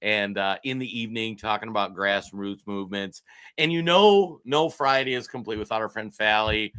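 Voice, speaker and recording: A chatty, excitable man from Minnesota co-hosts a political talk stream and greets viewers with shout-outs. His tone is bright and forceful. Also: on the low side, normal speed, clean tone. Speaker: podcast co-host. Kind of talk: political talk show banter.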